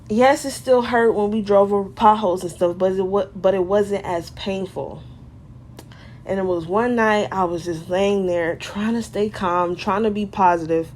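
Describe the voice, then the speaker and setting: Woman vlogger, personal testimony, casual slangy delivery, emotional, medium pitch. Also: a little hiss or hum.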